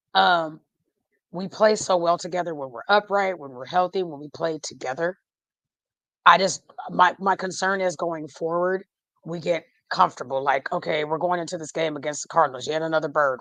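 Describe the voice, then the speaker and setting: A woman, a podcast guest chatting casually about football, animated and laughing often, trailing off mid-thought. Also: low-pitched, no echo. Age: 40s. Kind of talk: casual fan chat.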